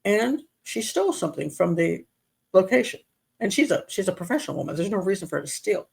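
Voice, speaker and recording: A woman's voice: mid-range voice, fast talker, creaky, slightly rough. A middle-aged woman hosting an advice show, retelling a personal story in a casual, exasperated way with many restarts. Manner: animated, exasperated retelling with self-interruptions.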